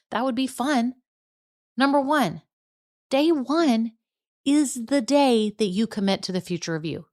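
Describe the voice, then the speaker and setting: A middle-aged woman with a Southern American accent, from Texas, hosting a motivational solo podcast in a chatty, encouraging way. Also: a little high. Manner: chatty, encouraging, says y'all and right. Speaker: podcast host.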